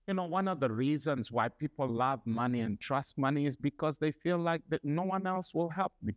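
A male pastor preaching a sermon, building up to loud repeated declarations. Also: fairly high pitch, normal speed, few pauses, no echo.

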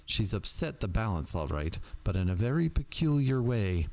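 A man reading aloud, voicing a grim red-haired woman who talks calmly and gruffly. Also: fairly low pitch, moderate pace. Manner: gruff whisper, calm.

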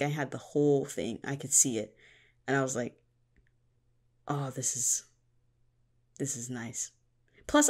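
A woman's voice: a bass voice, a little mellow. A woman hosting a casual solo podcast, talking candidly about her own writing, swearing freely and often laughing. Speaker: podcast host and fan fiction writer.

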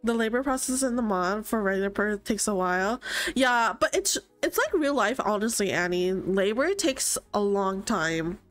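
A woman's voice: mid-range voice, animated, normal speed. A young woman live-streaming a life-sim game, chatting casually, reading chat aloud, gasping and laughing often. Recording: game music faint behind.

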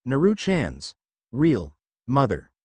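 A psychic goddess with a calm, cruel and possessive manner, read out by a man. The tone is cold and even, and the sound is close and dry. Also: mid-range voice, slow pace, husky, dry recording, heavily acted.

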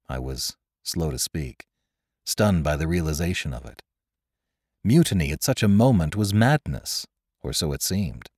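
A man narrates an adventure story with dramatic flair. His voice sits very low yet moves with lively, wide swings of pitch. The sound is dry and close, with no room echo. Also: unhurried, husky. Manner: dramatic storytelling, dropping low and quiet for dialogue. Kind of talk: scripted narration.

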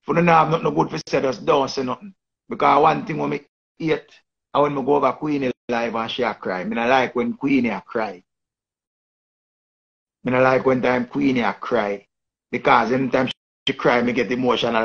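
A man's voice: medium pitch, steady tone, a little fast, creaky, slightly rough, muffled recording. A man with a Jamaican accent giving rambling casual commentary in patois, often repeating and restarting his phrases. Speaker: online commentator.

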